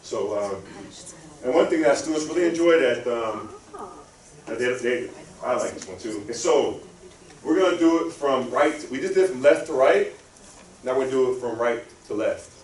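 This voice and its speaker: A man, invited as a guest speaker, gives a live interactive spelling lesson in a library lecture room, drilling the audience call-and-response style. He speaks at normal speed in a mid-range voice with lively intonation. The audio is distant and roomy, carrying a faint hum.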